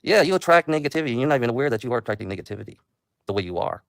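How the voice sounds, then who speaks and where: A man's voice: medium pitch, expressive, very fast, gravelly, no room sound, studio quality. A man hosting his own livestream, talking casually in a meandering way and taunting viewers. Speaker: livestream host.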